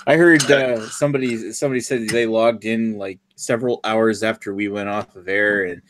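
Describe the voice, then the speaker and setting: A man from New Brunswick chatting on a livestream, relaxed and matter-of-fact with dry jokes. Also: on the low side, moderate pace, slight background noise. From New Brunswick, Canada. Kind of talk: casual chat on a livestream.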